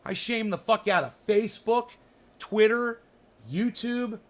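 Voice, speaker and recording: A man's voice: high-pitched, unhurried. A man hosting his own show, talking casually in a rambling, blunt and profane way. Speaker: host of a cannabis show. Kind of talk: casual chat.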